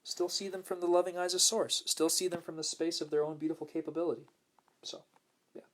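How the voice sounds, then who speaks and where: A man hosting a casual spiritual talk, speaking gently and smoothly, repeating words for emphasis and reading viewer comments aloud. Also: flat delivery, brisk. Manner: acts out quoted lines in a higher voice. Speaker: host.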